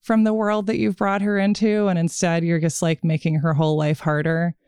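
A woman co-hosts a movie podcast in a smooth, clear voice. She talks casually and drifts into long, winding stories. The sound is dry and close. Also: lowish voice, flat delivery, normal speed, darkish tone, dry recording. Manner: chatty, digressive storytelling. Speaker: podcast co-host. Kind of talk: casual chat about movies.

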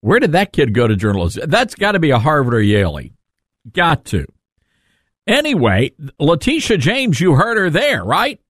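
A man's voice: fairly high pitch, huge pitch swings, moderate pace, fairly bright tone, dry recording, studio quality. A man hosting a talk radio show, joking and self-mocking as he talks. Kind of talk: casual talk radio monologue.

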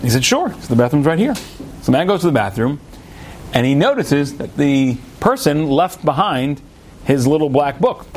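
A young American man giving a storytelling Torah talk, chatty and animated, with restarts and asides. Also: on the high side, moderate pace, slight background noise. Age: young adult. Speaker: rabbi.

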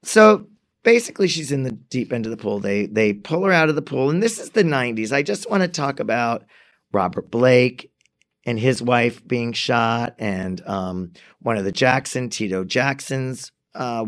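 A man's voice: mid-range voice, lively intonation, a little slow. A man co-hosting a casual true crime chat, telling the story animatedly and acting out the quoted dialogue. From lives in New York. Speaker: podcast co-host.

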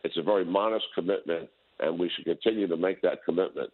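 A very deep-voiced man speaks as a guest on a tinny phone line. He is a general, and his talk is measured, firm and deliberate. Each point comes out slowly and with weight. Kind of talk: phone interview.

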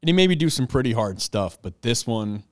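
A man casually telling an animated, self-mocking story and laughing along the way. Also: mid-range voice, fairly quick, dry recording, studio quality.

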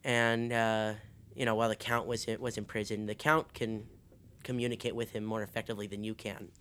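A man narrating as game master of a tabletop game, halting, with many fillers and restarts. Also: fairly low pitch, level tone, fairly bright tone, smooth.

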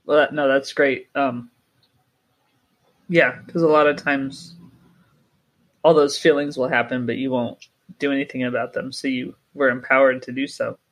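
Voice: mid-range voice, little pitch movement, moderate pace, long pauses. Laid-back podcast host, casual chat, short reflective replies. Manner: reflective, brief backchannels.

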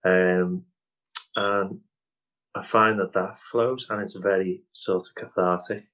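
A Scouse-accented man from Liverpool, England, is an improv comedy guest in a casual video-call interview, rambling with plenty of fillers and restarts and laughing easily. His voice is low and a bit bright, with a steady tone and slow pace. The recording is rough.

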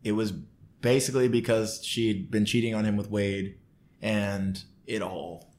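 A man telling a story in a casual interview, acting out what people said in raised, lively voices. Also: on the low side, measured pace, a little hiss or hum. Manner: animated, acts out quotes in raised voices. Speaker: podcast guest.

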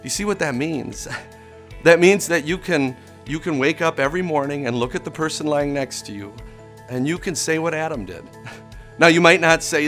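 A man delivers a sermon in a relaxed, conversational way, often stumbling over a first word and chuckling. His voice sits a little high for a man. Soft music plays faintly behind him. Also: moderate pace. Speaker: preacher.

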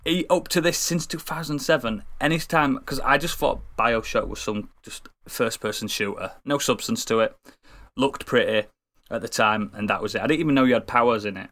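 British guy on a gaming podcast, chatty and excitable, swears a lot, middle pitch. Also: moderate pace. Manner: animated, swears and laughs often. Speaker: podcast co-host and streamer. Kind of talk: casual chat.

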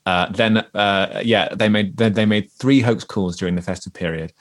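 A man's voice: on the low side, moderate pace. A man with a Welsh accent co-hosting a podcast, telling a story in a rambling, jokey way with many restarts. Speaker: podcast co-host. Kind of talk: casual chat.

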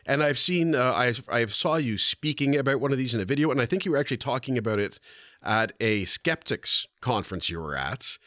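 A man interviews a guest in a bright, animated voice with lots of pitch movement. His sound is dry and close, and he fills his phrasing with casual fillers. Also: fairly quick, dry recording. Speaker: interviewer, host.

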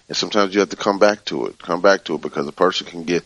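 A man leading a spiritual book study, reading passages and explaining them slowly and calmly, often repeating soothing phrases. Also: low-pitched, dry recording.

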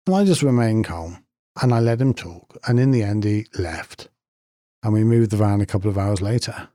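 A man's voice: lowish voice, animated, moderate pace, warm tone, no echo, studio quality. A man giving a reflective spoken talk, telling stories and repeating his points for emphasis.

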